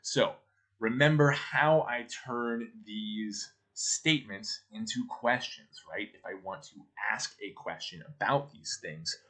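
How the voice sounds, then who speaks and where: A male teacher talks through a recorded grammar lesson at a slow, unhurried pace. His voice sits a little low but sounds bright and forward. He explains patiently one step at a time and keeps checking that the listener is following.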